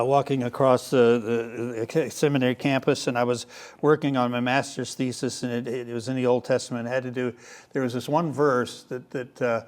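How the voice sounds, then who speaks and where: An older man teaching a Bible class in a relaxed lecture style, pausing often with fillers and restarts. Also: medium pitch. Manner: hesitant, many fillers and restarts. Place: room with a live class.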